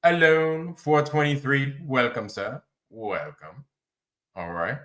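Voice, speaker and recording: Bright-voiced man hosting a livestream. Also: mid-range voice, slow. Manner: rambling, repeats himself, greets viewers. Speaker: livestream host. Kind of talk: casual livestream chat.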